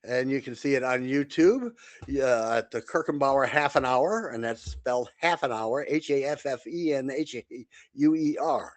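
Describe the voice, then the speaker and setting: An older man, a comedian and podcast host, telling stories in a casual, animated way, repeating words and acting out voices. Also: medium pitch, moderate pace, no room sound. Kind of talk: casual storytelling.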